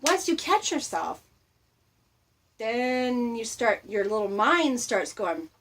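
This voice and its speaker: A woman's voice: a little high, big pitch swings, takes it slowly, a bit bright, slight background noise. Chatty woman giving a casual motivational talk. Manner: chatty, laughs often, speaks to viewers as "guys". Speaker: host.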